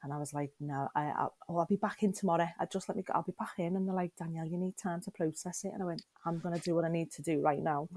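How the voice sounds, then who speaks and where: A woman's voice: on the low side, racing, few pauses, a little mellow. A middle-aged woman frankly and emotionally telling her personal story as a podcast guest, often turning to the listener with questions.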